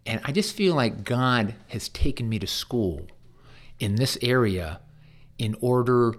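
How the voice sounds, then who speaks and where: A man's voice: medium pitch, animated, measured pace. A man who works as a hospice chaplain, telling stories in an interview in an earnest way, often stumbling and repeating his words. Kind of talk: conversational interview storytelling.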